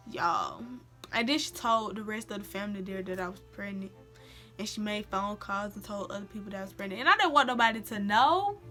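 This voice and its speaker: Young woman, casual storytime vlog, bright voice, slangy, animated, faint music behind. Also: fairly high pitch. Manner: animated, slangy, acts out quotes. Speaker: vlogger.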